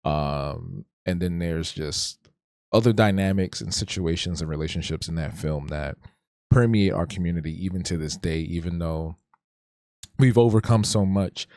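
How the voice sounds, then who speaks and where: A man's voice: deep voice, normal speed, darkish tone, dry recording, studio quality. A man hosting a casual livestream, talking reflectively and rambling, often restarting and stuttering. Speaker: streamer hosting an art talk show.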